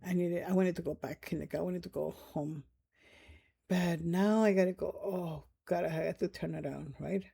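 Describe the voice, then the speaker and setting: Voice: mid-range voice, fairly even intonation, moderate pace, gravelly, dark tone, slightly rough. A middle-aged vlogger telling a personal story in a loose, rambling way, often checking in with the listener and using loose, nonstandard grammar. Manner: rambling, checks in with "right?" and "okay?". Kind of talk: casual spoken storytelling to camera.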